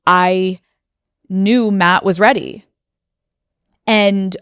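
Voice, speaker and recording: A woman's voice: mid-range voice, clear, resonant tone, dry recording. An American woman in her thirties, a podcast host, speaking candidly and emotionally with many fillers, close to tears. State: near tears. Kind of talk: personal monologue.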